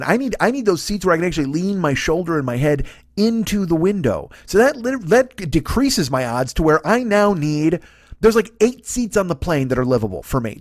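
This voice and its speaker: A man in his forties rattles through a swear-filled comedic rant at a rapid clip. His voice sits a little high for a man, and the sound is close and dry with no room around it. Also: no room sound. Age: 40s. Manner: ranting, heavy swearing. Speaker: comedian podcast host. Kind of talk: profane comedic monologue.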